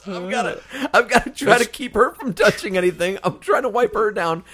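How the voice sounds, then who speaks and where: Animated storytelling man in his thirties. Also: a little fast. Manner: animated storyteller, swears freely, voices others in high squeals. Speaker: podcast co-host. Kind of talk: casual chat.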